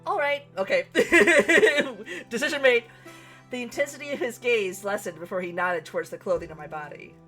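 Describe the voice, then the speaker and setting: Young woman streamer, laughy and lively, reading a visual novel out loud, bit high voice, music faint behind. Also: moderate pace. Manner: giggly, animated, reads aloud and reacts. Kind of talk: casual reading and reaction commentary.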